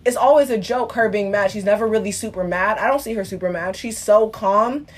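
A young woman in her teens, talking in a casual discussion with quick, animated delivery, often slipping into mimicry of other people. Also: mid-range voice, slightly rough. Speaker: guest.

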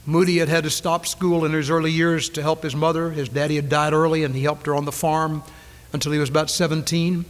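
Brisk and on the high side with little pitch movement, a male preacher gives a dramatic sermon on a 1990s church recording that trails a long reverb. He swings between loud declarations and hushed lines, returning again and again to key phrases.

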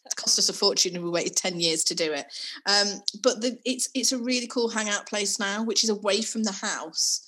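Woman, podcast co-host, bright clear tone, casual and self-deprecating. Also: mid-range voice, a little fast. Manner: chatty, laughing, self-mocking. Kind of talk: casual chat.

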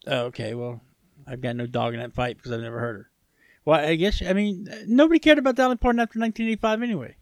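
A man's voice: a little high, fast, no echo. A man co-hosting a casual podcast chat, stubborn and sarcastic, who swears freely and argues for fun. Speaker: podcast co-host.

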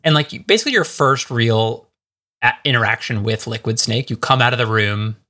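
A man co-hosting a game podcast in a casual, halting chat. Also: mid-range voice, pushed and bright. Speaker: podcast co-host.

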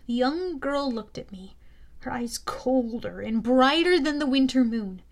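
A woman narrating an audiobook in a steady storytelling manner, now and then correcting herself. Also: high-pitched, unhurried.

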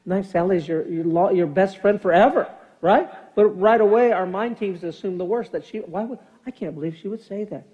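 A man's voice: sits high, a little fast. A man in his fifties, a pastor giving a conversational, jokey sermon in a church, acting out little scenes with funny voices. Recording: muffled lo-fi sound.

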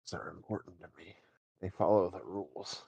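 A man's voice: deep voice, fairly even intonation, brisk, gravelly, a little mellow, breathy edge. A man co-hosting a casual gaming podcast, teasing and arguing his points. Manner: argumentative, teasing. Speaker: podcast co-host.

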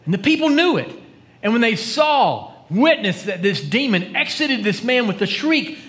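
A pastor preaching a conversational sermon, dropping to hushed tones for dramatic quotes. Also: male voice, extremely high pitch, big pitch swings, moderate pace. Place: church.

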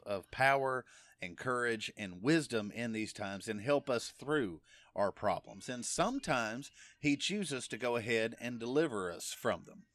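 A middle-aged preacher with a medium-pitched, fairly bright voice, recorded with no room sound, teaches from the Bible. His style is casual, conversational, and emphatic, with frequent "okay?" check-ins.

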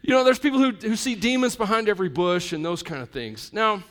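Preaching before a live congregation, a man speaks conversationally and throws in jokes, alternating loud, emphatic moments with quiet, intimate ones. His sermon comes in a high-pitched voice at a fairly quick pace.

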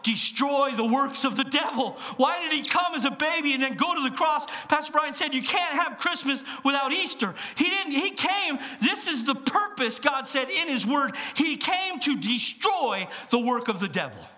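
A man preaching as pastor in a church, telling stories with animated swings between hushed asides and loud bursts. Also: very high voice, normal speed, hardly any pauses. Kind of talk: sermon.

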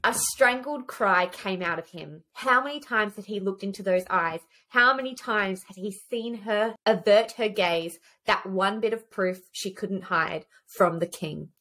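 A woman's voice: medium pitch, unhurried, few pauses, sharp tone. A woman co-hosting a casual book podcast who reads quotes aloud with feeling and swears freely. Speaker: podcast co-host. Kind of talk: casual book chat with read-aloud passages.

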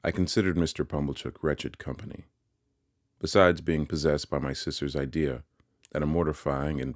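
A man narrating a classic novel as an audiobook, in a measured storytelling way. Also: very deep voice, no room sound, studio quality.

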